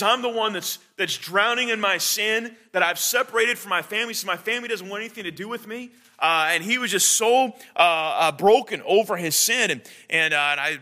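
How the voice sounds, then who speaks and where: A man preaching a sermon, earnest and halting, with many fillers and restarts. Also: sits high, sharp tone.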